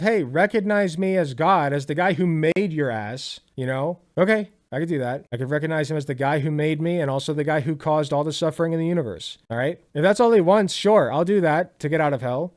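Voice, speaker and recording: A young man giving casual, animated reaction commentary on a film clip, sarcastic and swearing, with frequent laughs. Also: fairly high pitch.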